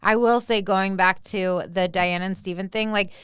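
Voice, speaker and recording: Chatty young woman, smooth dry voice. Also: medium pitch, normal speed, no echo. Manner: animated, lots of "like" fillers. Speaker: podcast co-host. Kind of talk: casual pop-culture chat.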